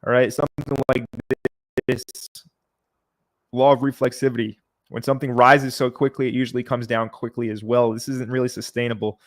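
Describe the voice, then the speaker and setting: A man hosting a livestream, reading out viewer comments and answering them in a relaxed, chatty way. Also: medium pitch, brisk. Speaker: livestream host.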